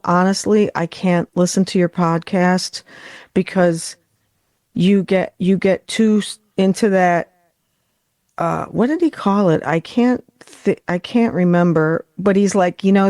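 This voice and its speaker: A woman's voice: medium pitch, no echo, studio quality. A woman from western New York, near Buffalo, hosting a casual podcast chat and slipping into character voices as she tells stories. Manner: animated storyteller who slips into character voices. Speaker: podcast host.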